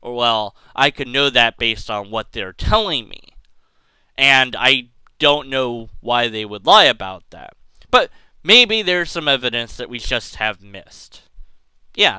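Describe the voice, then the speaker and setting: A man's voice: medium pitch, sing-song, measured pace, sharp tone, smooth, dry recording, rough recording. A man giving sarcastic commentary to camera, reading quotes aloud and rebutting them in an exasperated tone. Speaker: video commentator.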